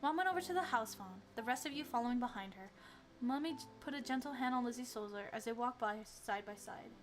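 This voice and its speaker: A woman's voice: fairly high pitch, lively intonation, fast talker. A young woman streamer reading a story game aloud, chatting animatedly and giggling between lines.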